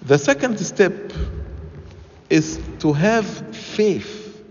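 A man preaching a sermon, deliberate and emphatic, repeating his key phrases. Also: high-pitched, animated. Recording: dull lo-fi sound with long church reverb.

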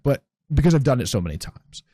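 A man's voice: medium pitch, sing-song, fast talker, dark tone, no room sound, studio quality. A man co-hosting a podcast in casual chat, loose and profane, full of fillers. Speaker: podcast co-host.

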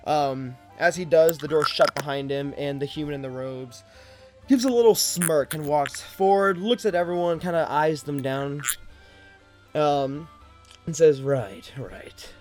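A man narrating as dungeon master of a tabletop game, halting with many fillers. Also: fairly high pitch, soft background music.

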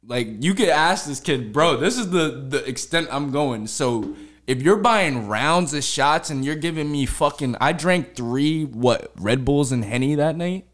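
A man's voice: on the high side, animated, unhurried, fairly bright tone. A man co-hosting a podcast, telling a story in a laid-back, slangy way and swearing often. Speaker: podcast co-host. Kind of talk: casual storytelling chat.

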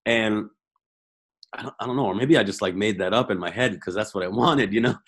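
A man's voice: on the low side, brisk, slightly rough. A man guesting on a podcast, telling stories in a casual chat, laughing often and restarting his sentences. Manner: animated storytelling, laughs often; repeats words, stumbles and restarts.

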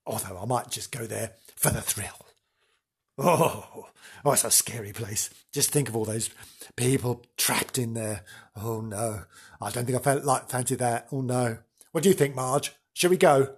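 Husky-voiced camp male presenter. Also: medium pitch, normal speed. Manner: theatrical and camp, with gasps and playful asides. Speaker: radio-style presenter. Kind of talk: comic spooky storytelling.

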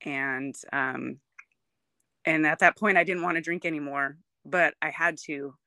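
A gravelly, bright-edged voice recounting a hard personal story in an interview, earnest and emotional. It stops and restarts often, filling gaps with ums. The sound is close and dry, with no room around it. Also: mid-range voice, fairly even intonation, no room sound. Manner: halting, with frequent ums and restarts. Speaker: guest sharing a recovery story.

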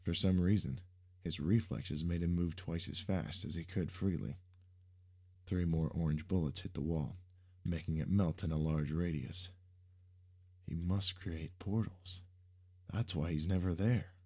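A man reading an action story aloud in steady scripted narration. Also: deep voice, a little slow.

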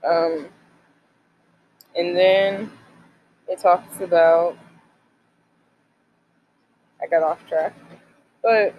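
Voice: mid-range voice, fairly even intonation, very slow, long pauses, dull audio. A person in their twenties talking casually about faith and college life, rambling with lots of filler words. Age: 20s. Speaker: college student sharing faith devotional.

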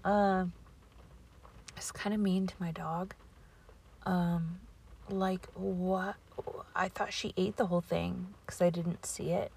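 A woman podcaster telling a rambling casual story, often slipping into breathy near-whispers. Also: on the low side, flat delivery, takes it slowly, pauses often, darkish tone.

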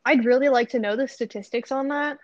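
A young woman in her college years co-hosting a podcast, chatting casually and recounting her own experiences in a relaxed way. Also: sits high, fairly quick, no echo, muffled recording. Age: young adult. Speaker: podcast co-host. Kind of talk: casual chat.

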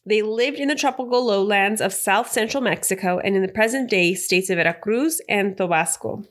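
A woman co-hosting a casual podcast, introducing her segment in a relaxed, conversational way. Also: mid-range voice, moderate pace. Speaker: podcast co-host. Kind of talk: casual presenting.

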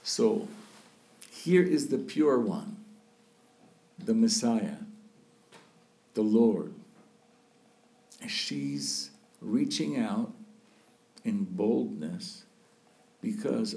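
Slow, gravelly-voiced man preaching. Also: mid-range voice, lively intonation, dark tone. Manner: slow, thoughtful preaching with frequent pauses and fillers. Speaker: priest. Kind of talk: sermon.

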